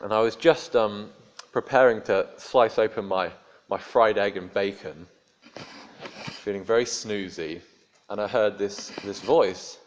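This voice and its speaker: A man's voice: lowish voice, a little slow. A man preaching a sermon in a conversational storytelling way with dry humor. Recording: dull lo-fi sermon recording.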